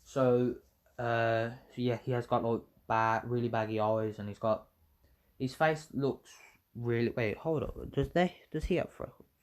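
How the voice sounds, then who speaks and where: A man's voice: mid-range voice, fairly even intonation, measured pace, clean tone. A man casually telling a fan story, rambling, correcting himself and swearing freely.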